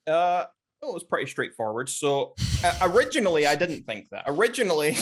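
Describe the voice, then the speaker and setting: A man's voice: fairly high pitch, big pitch swings, brisk. A man talking as a guest on a podcast, smug and pedantic, correcting the host as he argues. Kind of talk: argumentative podcast chat.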